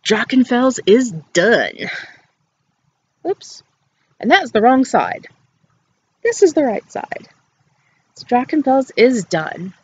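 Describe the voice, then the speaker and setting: A woman's voice: medium pitch, husky. A woman hosting a knitting podcast outdoors, chatting playfully about her work and laughing often. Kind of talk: casual show-and-tell chat. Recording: dull outdoor recording with faint background noise.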